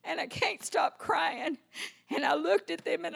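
Older lady preacher, fired up, goes quiet then loud, lots of amens. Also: very high-pitched, measured pace, vocal fry. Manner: impassioned, swinging from hushed to exclaiming; storytelling with frequent amens. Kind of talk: sermon.

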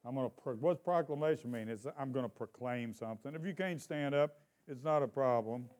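In a medium-pitched, darkish voice, a male pastor delivers a church sermon, putting questions to the congregation in call-and-response fashion. He reads scripture slowly and emphatically, drawing each line out.

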